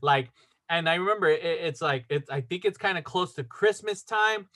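A man's voice: on the high side, normal speed, pushed and bright. A man telling a story in casual chat, rambling with lots of fillers and acting out the dialogue. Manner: rambling, filler-heavy, acts out quoted dialogue. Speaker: podcast storyteller.

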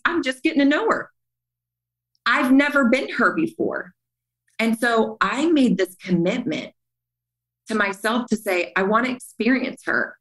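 In a candid podcast conversation, a middle-aged woman guest tells her story with earnest energy, dramatizing the quotes. Her pitch is medium, and the recording is rough.

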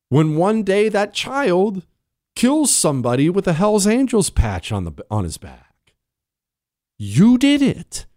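A fiery male radio host on a dry studio mic, voice pitched high and swinging wildly as he preaches. He reads listener emails, then launches into combative rants, mocking imagined callers with put-on voices. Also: a little mellow, dry recording. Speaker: radio talk show host. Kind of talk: talk radio monologue reading listener emails.

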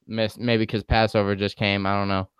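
A young man spins a relaxed, joking story for his podcast co-host, cursing freely and breaking into laughs. His voice is clear and smooth, and the recording is close and dry with no room sound. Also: on the low side, moderate pace, no room sound, muffled recording. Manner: laid-back storytelling, laughs often, swears. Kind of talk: casual chat.

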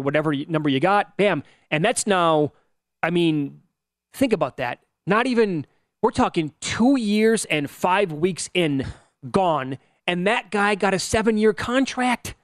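A man co-hosting a casual sports betting radio show, teasing his partner in quick back-and-forth banter. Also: on the high side, no echo, studio quality.

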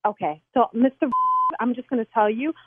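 A woman arguing fast and defensively on a phone call, indignant as she is pranked. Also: a little high, slightly rough, dry recording. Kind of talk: heated phone argument. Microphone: telephone. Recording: tinny phone line.

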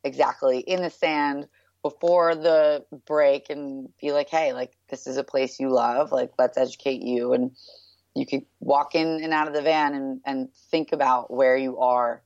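A woman's voice: very deep voice, fairly even intonation, unhurried, a little mellow, no echo. A woman in her thirties from New York, guest in an interview, talking in a chatty, upbeat way with many filler words. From New York, USA. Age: 30s. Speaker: guest, brand founder. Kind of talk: casual interview chat. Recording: dull, lo-fi and dry.

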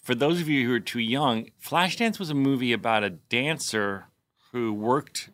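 Male co-host, relaxed and jokey, bright voice, dry close mic. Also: mid-range voice, moderate pace, no room sound. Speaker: podcast co-host. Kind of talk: casual chat.

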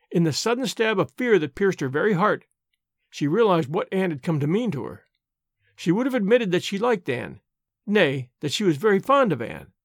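A man narrating an audiobook in an expressive, measured reading. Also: high voice, dry recording, studio quality.

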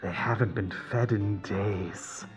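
A man's voice: lowish voice, fairly even intonation, soft background music. Man playing a coolly menacing torturer doctor. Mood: calm menace. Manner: polite, unhurried, menacing. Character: sinister calm male surgeon who tortures captives.

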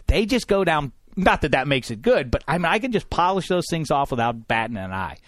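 List: man, podcast host, animated, mock-indignant, dry close mic. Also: on the high side, brisk, dry recording. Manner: animated, indignant, playfully theatrical. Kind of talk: casual podcast banter. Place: recording studio.

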